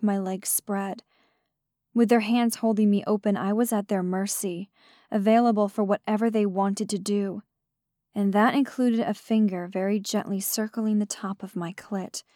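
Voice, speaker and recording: A woman reading a first-person audiobook in an intimate, measured storytelling manner. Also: mid-range voice, warm tone, no echo, studio quality. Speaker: narrator.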